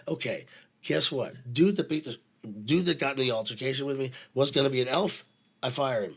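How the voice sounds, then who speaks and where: A production manager chatting casually, bluntly retelling a work story, swearing freely and playing both sides of each conversation. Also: male voice, mid-range voice, fast, gravelly, a bit bright, breathy edge.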